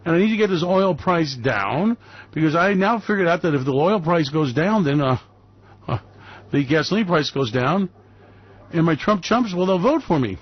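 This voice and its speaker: A man hosting a market commentary radio show, talking in a loud, brash, sarcastic way and mocking people with put-on voices. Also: fairly high pitch, expressive, moderate pace, no room sound. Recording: dry, slightly dull lo-fi recording.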